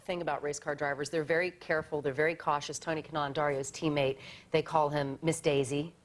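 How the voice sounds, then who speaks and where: A woman appearing as a guest on a late-night talk show, telling animated stories and acting out the voices of people she quotes. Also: low voice, fairly quick. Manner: animated storyteller, acts out voices. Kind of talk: chatty anecdote telling. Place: television studio.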